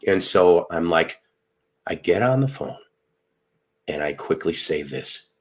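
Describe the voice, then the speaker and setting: Podcast host, middle-aged man, very low voice, animated storyteller who swears freely. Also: measured pace, pauses often. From Northern Illinois. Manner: animated, profane storyteller acting out dialogue. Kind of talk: casual storytelling chat.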